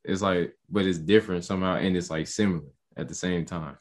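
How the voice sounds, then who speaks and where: A man's voice: low voice, fairly even intonation, fairly quick. A man reacting in casual chat, slangy and laughing often. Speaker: podcast co-host.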